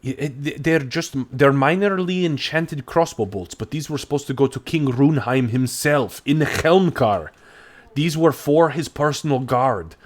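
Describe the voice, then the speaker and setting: Tearful craftsman NPC voiced by a man, halting, formal and grateful, mid-range voice. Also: medium pitch, voice pushed up, close to an everyday voice. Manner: halting, choked-up, stumbling over words.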